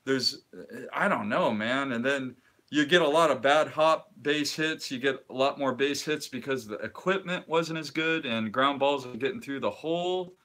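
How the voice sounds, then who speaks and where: A man's voice: medium pitch, normal speed, fairly bright tone. A middle-aged man co-hosting a live stream, talking casually and rambling, often trailing off mid-sentence. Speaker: co-host of a live card-collecting stream.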